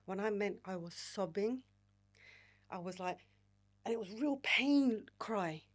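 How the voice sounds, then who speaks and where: A woman in her forties, a podcast guest telling candid stories in an animated, frank way and swearing freely. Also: medium pitch, takes it slowly. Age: 40s. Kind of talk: candid storytelling conversation.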